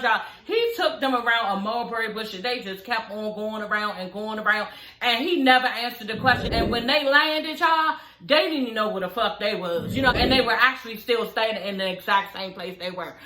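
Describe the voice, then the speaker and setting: Woman, reality TV recap vlogger, animated and profane, high voice, echoey room. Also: normal speed, background noise. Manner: animated, profane, talks straight to viewers. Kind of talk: casual episode recap commentary.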